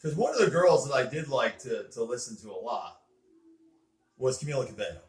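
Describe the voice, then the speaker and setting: A man's voice: mid-range voice, sing-song, fairly quick. A man hosting a casual chat with a child, explaining things in an earnest, lecturing way while sitting on a bed indoors. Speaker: host. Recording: roomy echo.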